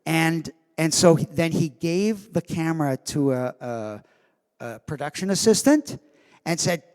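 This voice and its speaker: Man, convention guest storyteller, acts out quotes, fairly high voice, long hall echo. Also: measured pace, clear, resonant tone. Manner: animated storyteller who acts out quoted lines. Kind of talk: anecdote told to a live audience. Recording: long reverb of a large hall.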